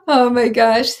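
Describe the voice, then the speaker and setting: Animated, teasing woman host. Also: fairly high pitch. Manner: animated, opinionated, gets worked up; teasing, joking. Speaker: show host. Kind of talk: casual interview chat.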